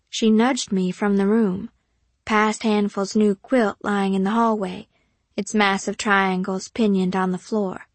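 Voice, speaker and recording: A woman's voice: medium pitch, dry recording. Woman narrating a poised audiobook. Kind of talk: first-person audiobook narration.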